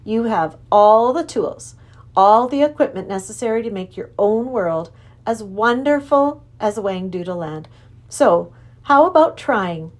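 A woman voicing a kindly elderly male professor in a storybook reading, speaking firmly, slowly and with encouragement. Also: fairly low pitch, animated, creaky, exaggerated voice. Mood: firm, affectionate. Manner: firm, encouraging, slow and emphatic.

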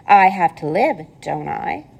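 A woman voicing a pleasant, clever female spider with a thin voice, calm and matter-of-fact in a storybook read-aloud. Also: lowish voice, unhurried, vocal fry, breathy edge, exaggerated voice. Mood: calmly explaining.

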